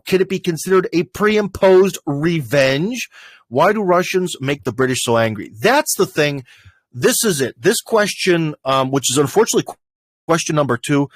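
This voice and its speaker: A fairly high-voiced American man chats on a livestream in a loose, rambling way, full of "uh"s and half-finished starts. His voice is close and dry, with no room around it. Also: no echo. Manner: rambling, conversational, lots of fillers and restarts. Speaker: livestream host. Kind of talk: casual livestream commentary.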